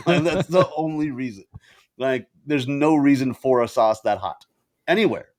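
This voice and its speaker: A man co-hosting a podcast, telling stories in animated casual banter and laughing often, recorded over a video call. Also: medium pitch, normal speed. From Indian family. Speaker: podcast co-host. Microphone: video call with ring light.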